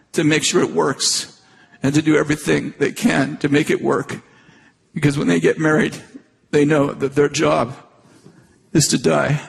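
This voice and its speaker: Brief: older male preacher, earnest storytelling, slightly high voice, long hall reverb. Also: gravelly. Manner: earnest, halting, with many restarts and repeats. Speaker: pastor. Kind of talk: sermon storytelling. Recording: long reverb, faint noise.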